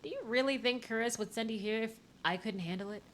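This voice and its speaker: A woman voicing a confident, charming young male mage in a visual novel game, speaking low and self-assured. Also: quick pace, a bit bright, close to an everyday voice. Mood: calm confident.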